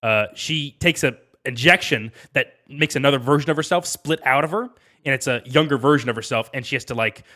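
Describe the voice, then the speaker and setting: A man who talks quickly with a bright, sharp tone, co-hosting a relaxed podcast. He explains plainly and moves briskly, tossing in small fillers as he goes. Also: mid-range voice. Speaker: podcast co-host. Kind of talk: casual chat.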